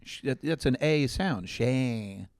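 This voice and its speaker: A man's voice: medium pitch, fairly quick, no echo, studio quality. A man co-hosting a casual podcast, talking in offhand, musing asides. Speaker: podcast co-host.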